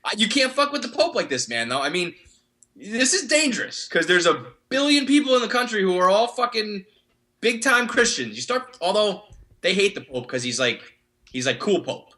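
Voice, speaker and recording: A man's voice: sits high, sing-song, moderate pace, bright, forceful tone. A man co-hosting a podcast, ranting about the news in emphatic, profane banter. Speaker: podcast co-host.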